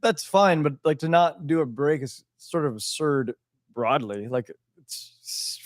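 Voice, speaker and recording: A man's voice: fairly high pitch, animated, a little slow, dry recording, studio quality. A man co-hosting a casual live-streamed podcast, joking and swearing freely while he has the hiccups. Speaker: podcast co-host.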